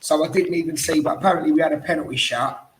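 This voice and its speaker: A man's voice: a little high, fast talker, rough recording. A tired man hosting a casual, banterous football chat podcast. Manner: chatty, banterous. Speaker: podcast host.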